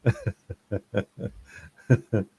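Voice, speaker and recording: A man's voice: very slow, warm tone, poor audio. A man hosting a live chat stream, talking in a loose, rambling and informal way with hesitant restarts.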